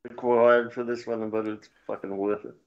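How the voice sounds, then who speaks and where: A man's voice: mid-range voice, flat delivery, moderate pace. A man co-hosting a casual live comedy show, making dry remarks. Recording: dull lo-fi sound.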